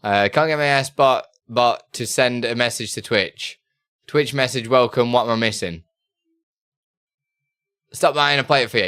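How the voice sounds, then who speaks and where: A man's voice: medium pitch, normal speed, pauses often, fairly bright tone, clear, resonant tone. A man chatting casually on a live stream, reading out chat questions and laughing often.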